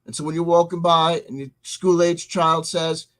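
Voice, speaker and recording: Speaking at a moderate pace with a fairly high pitch and fairly even intonation, a channel host rambles through commentary and responds to chat on his livestream. He frequently starts over and repeats himself, heard through poor audio.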